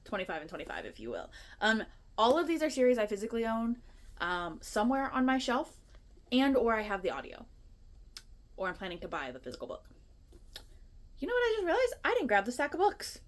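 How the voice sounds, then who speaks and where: A woman's voice: on the high side, very animated, fairly quick. A woman in her twenties chatting casually to her phone camera at home, rambling and a little nervous. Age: 20s. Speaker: booktuber. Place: her apartment.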